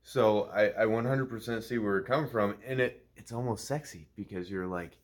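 Very deep-voiced man, measured talk. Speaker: podcast co-host. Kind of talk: casual chat.

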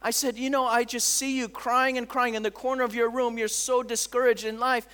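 A middle-aged man preaching a sermon as a pastor, telling stories in an animated way, often saying "come on" and acting out the voices of people he quotes. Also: very high-pitched, a little fast, smooth. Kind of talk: sermon with storytelling.

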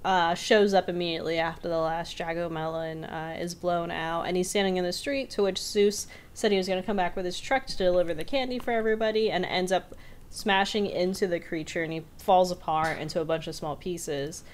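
A woman co-host chatting through an episode recap, her voice sitting a little low for a woman. She rambles easily, stringing events together with frequent ums and uhs. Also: steady tone, brisk. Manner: rambling retelling with many fillers. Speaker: podcast co-host. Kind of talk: casual recap chat.

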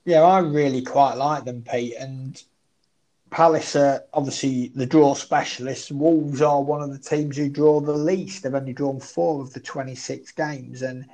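A man's voice: medium pitch, steady tone, measured pace, mellow, low-quality recording. A man chatting about football betting odds, thinking aloud and poking fun at his own past tips. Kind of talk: casual betting podcast chat.

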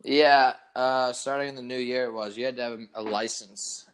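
A man's voice: medium pitch, fairly even intonation, normal speed, fairly bright tone, smooth. A man co-hosting a podcast, chiming in with short, blunt, dismissive reactions. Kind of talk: casual chat.

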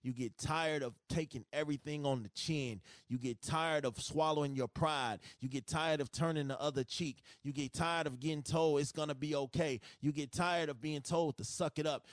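A man's voice: fairly high pitch, no room sound, studio quality. A man hosting a solo podcast, ranting in a profane, emphatic, repetitive way with speech. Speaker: podcast host.

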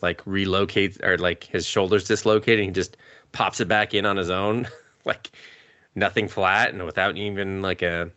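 A man's voice: low-pitched, bright, forceful tone, no room sound, muffled recording. A man hosting a podcast, recapping anime in a rambling, profane, casual way while sick with a cough, chuckling often. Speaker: podcast host.

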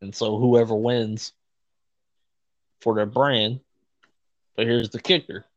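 A man in casual chat about wrestling, excitable, laughing often and swearing freely. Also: mid-range voice, slow, no room sound, lo-fi sound.

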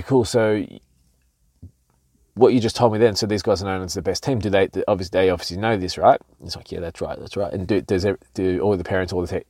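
Candid, low-voiced man talking. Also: a little mellow, no room sound, studio quality. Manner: candid, swearing, many restarts. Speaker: podcast host. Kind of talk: casual solo podcast talk.

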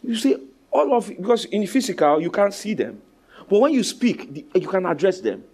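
A Nigerian-accented male pastor delivers a sermon in a husky voice at a fairly quick clip. Commanding and animated, he moves between loud exhortation, quiet asides and call-and-response with the congregation.

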